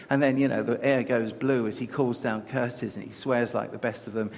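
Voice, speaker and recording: A man's voice: mid-range voice, fairly even intonation, moderate pace, vocal fry, few pauses. A man preaching a sermon in a conversational way, asking his listeners rhetorical questions. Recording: echoey hall.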